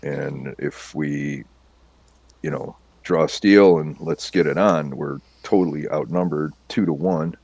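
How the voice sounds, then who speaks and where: Gravelly, very deep-voiced man. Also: takes it slowly, a little mellow, no echo. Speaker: player. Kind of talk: casual chat at a game table.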